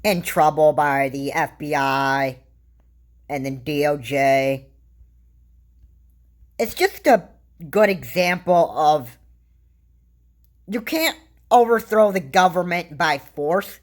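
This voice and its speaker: A woman giving casual political commentary to camera, rambling and halting, restarting her sentences often. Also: low voice. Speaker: vlogger.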